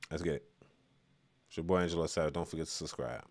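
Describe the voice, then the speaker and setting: A man's voice: low-pitched, steady tone, brisk, a little mellow, no room sound. A man from Chicago doing loose, rambling live-stream commentary, reading chat and laughing at his own remarks.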